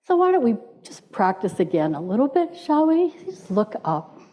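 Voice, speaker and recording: A woman's voice: a little high, sing-song, moderate pace, mellow. A woman minister giving a playful sermon in a church, inviting the congregation to repeat words with her. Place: church sanctuary.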